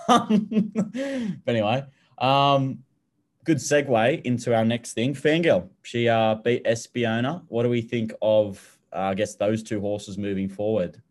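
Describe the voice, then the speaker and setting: A man's voice: mid-range voice, measured pace. A young Australian man co-hosting a betting podcast, chatting loosely, laughing often and swearing casually. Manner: laid-back, laughs often, swears, repeats words. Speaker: podcast co-host. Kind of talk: casual chat.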